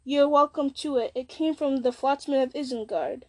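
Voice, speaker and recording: A woman's voice: sits high, normal speed, a little mellow, lightly acted. A woman reading the lines of a young male hobbit, frank and offhand.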